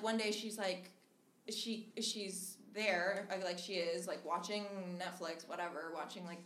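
A young woman from Minnesota telling a funny story live on stage, chatty and laughing as she goes. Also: mid-range voice. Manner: chatty, animated, laughs through her story. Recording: echoey live room with loud background noise.

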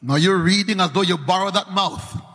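A male preacher delivering a fervent sermon to a congregation, chanting and shouting at the peaks. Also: high-pitched, moderate pace. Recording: hall reverb.

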